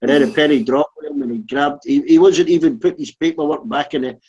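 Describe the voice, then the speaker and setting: A man's voice: on the high side, fairly even intonation, fast, darkish tone, slightly rough. A man telling a rude, swearing story in casual chat, laughing often. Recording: dull lo-fi sound.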